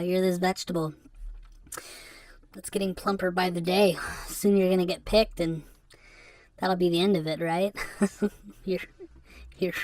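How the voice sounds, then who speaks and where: A woman's voice: on the low side, darkish tone. Subdued rambling woman podcaster. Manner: halting and rambling, with rueful laughs. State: depressed and subdued. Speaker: podcast host. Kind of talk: confessional solo monologue. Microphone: podcast microphone.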